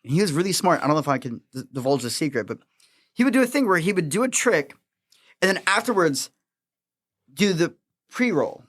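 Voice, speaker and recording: A man from Florida, a magician guest on a podcast, telling animated stories with frequent laughs. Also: a little high, brisk, long pauses. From Florida, USA. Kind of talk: casual podcast chat.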